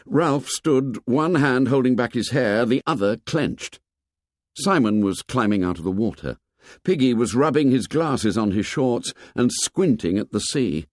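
A man narrating a novel in a measured, expressive storytelling manner. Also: medium pitch, no room sound, clean studio sound. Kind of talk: audiobook narration.

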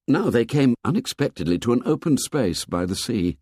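Male narrator, lively pitch, dry booth sound, audiobook reading. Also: breathy edge, no room sound. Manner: measured, expressive storytelling.

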